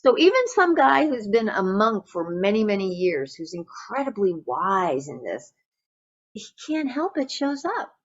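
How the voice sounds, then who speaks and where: Meditation teacher, woman, low gravelly voice, gentle dharma talk, dull lo-fi sound. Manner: gentle, reflective, with frequent fillers and restarts.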